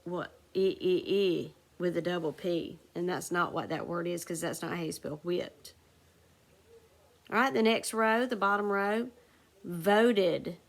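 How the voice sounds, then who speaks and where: A woman teacher leading a recorded phonics lesson, dictating sentences slowly and spelling words out letter by letter. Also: lowish voice, creaky. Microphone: recorded for a video lesson.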